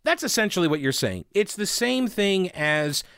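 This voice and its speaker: Male opinion host, sarcastic and chatty, slightly high voice, dry recording. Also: big pitch swings, normal speed, vocal fry, fairly bright tone, clean tone, no echo. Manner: sarcastic, conversational, reads headlines aloud. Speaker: political commentator. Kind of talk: opinion commentary reading headlines.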